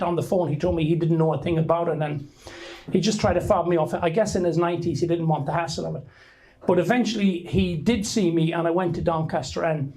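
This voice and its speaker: A man's voice: on the high side, darkish tone, rough recording. An Irish man telling a rambling story to a live audience, with frequent restarts and fillers. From Ireland. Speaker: speaker giving a talk to an audience.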